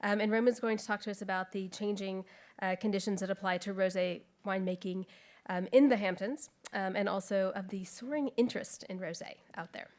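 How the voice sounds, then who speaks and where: A woman's voice: mid-range voice, brisk, a little mellow. A woman moderating a panel, introducing speakers with fillers.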